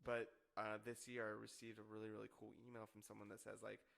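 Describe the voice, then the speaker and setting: Young male podcast guest, twenties; gravelly, bright, rambly casual talker. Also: fairly low pitch, monotone, fast talker. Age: 20s. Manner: rambling, heavy use of filler words. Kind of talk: casual chat.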